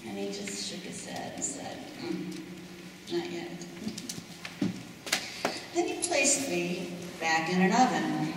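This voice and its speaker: Lady telling a story on stage, slow and theatrical, mic far off, big echoey hall. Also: on the high side, background noise. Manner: theatrical, measured, expressive. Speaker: monologue performer. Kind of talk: dramatic monologue storytelling. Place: church hall, live audience.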